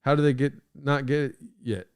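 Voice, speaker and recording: A man hosting a podcast, reacting to stream clips in casual, excitable, profane talk, laughing often. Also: mid-range voice, normal speed, clean tone.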